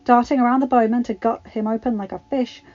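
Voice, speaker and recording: A woman reading fan fiction aloud as dramatic audiobook narration, measured and steady. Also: fairly high pitch, muffled recording.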